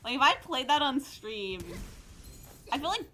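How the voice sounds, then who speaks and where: Bright, playful woman streamer. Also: sits high, animated, a little slow. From California. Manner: playful, sarcastic, rambling chat with sudden loud outbursts. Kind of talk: live game stream chat.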